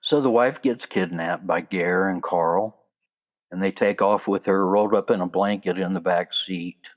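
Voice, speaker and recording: Deep-voiced man hosting a podcast. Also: moderate pace. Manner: chatty, loose and conversational with asides. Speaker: podcast host. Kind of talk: casual solo podcast talk.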